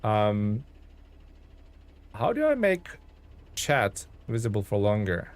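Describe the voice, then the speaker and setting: Streaming a truck game live, a man with a fairly low voice talks slowly, his pitch swinging hugely. He chats to viewers, thanks them, and thinks out loud with ums and chuckles as he gives gameplay commentary.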